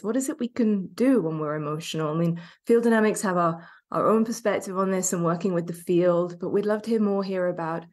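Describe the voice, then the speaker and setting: A woman's voice: on the low side, darkish tone. A woman hosting an interview, talking reflectively and searching for her words as she goes. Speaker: host. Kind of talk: interview conversation.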